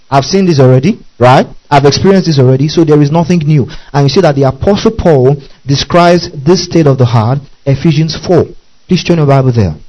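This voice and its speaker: A man with a dark, mellow voice teaches through scripture verse by verse. He repeats key phrases, spells out Greek words letter by letter and keeps asking whether his listeners follow. The recording sounds dull and a bit lo-fi. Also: fairly high pitch. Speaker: preacher. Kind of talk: sermon Bible teaching.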